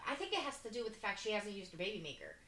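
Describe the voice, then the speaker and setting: A woman's voice: medium pitch, sing-song, racing, bright, forceful tone, reverberant. A woman in her forties chatting casually, telling stories with frequent laughter. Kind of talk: casual chat.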